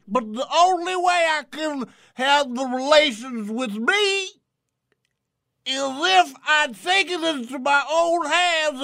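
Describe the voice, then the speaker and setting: A drawling comic impression of an older male celebrity reading out a dating letter. The voice sits high and gravelly, with a bright, sharp edge. Every word comes out slow and deliberate, and the recording is dry. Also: no room sound, full character voice.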